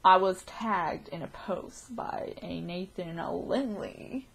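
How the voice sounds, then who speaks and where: Female vlogger, giggly and rambling, husky voice with gravelly fry. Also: on the low side, takes it slowly, fairly bright tone. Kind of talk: casual video diary.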